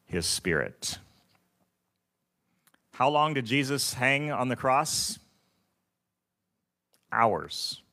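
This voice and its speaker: Guy preaching, slow solemn scripture reading, mid pitch voice. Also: sharp tone. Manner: slow, solemn, measured delivery. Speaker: pastor.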